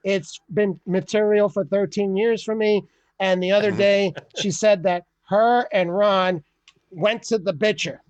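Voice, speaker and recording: A man's voice: high voice, a little slow, clear, resonant tone, no echo. Guy doing stand-up over a video call, all worked up, cracking himself up. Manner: animated, exasperated, laughs at own jokes. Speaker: comedy show host.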